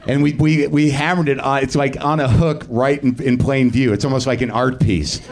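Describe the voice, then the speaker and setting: A man's voice: mid-range voice, steady tone, moderate pace, gravelly. A man hosting a live comedy podcast, rambling through a profane, self-deprecating monologue on stage. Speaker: podcast host. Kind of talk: live stand-up-style monologue.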